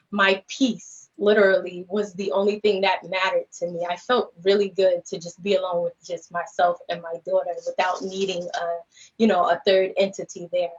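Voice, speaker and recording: A woman guest speaker earnestly retelling a personal story on a podcast, rambling and peppered with "you know" and "like". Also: mid-range voice. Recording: slightly dull lo-fi livestream audio.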